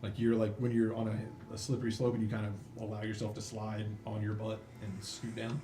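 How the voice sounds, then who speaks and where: A man's voice: on the low side, completely flat delivery, fairly quick, warm tone. A man narrating a tabletop game as game master, in a casual, rambling way with many fillers. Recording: roomy mic with faint noise.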